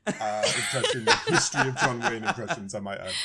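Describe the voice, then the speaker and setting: A man's voice: medium pitch, very animated, fairly quick, very noisy. Joking British male podcast co-host. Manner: joking, rambling, self-correcting. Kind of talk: casual podcast chat.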